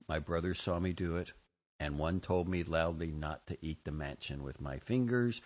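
A man reading a first-person memoir aloud in a measured, expressive way. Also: low-pitched. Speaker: narrator. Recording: dull lo-fi recording.

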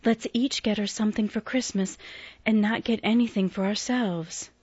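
A woman voicing a shy, gentle thirteen-year-old girl in a storybook, speaking softly and timidly. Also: mid-range voice, steady tone, normal speed, husky, no echo, lo-fi sound, pitched above the performer's own voice, lightly acted. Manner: soft, timid.

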